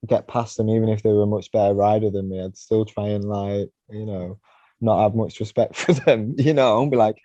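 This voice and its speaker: A man's voice: fairly low pitch, fairly even intonation, fairly quick, warm tone, no room sound, muffled recording. A man being interviewed on a podcast, telling long, rambling stories and leaning on "you know" and "right?" as he goes. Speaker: podcast guest, mountainboarder. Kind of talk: casual storytelling.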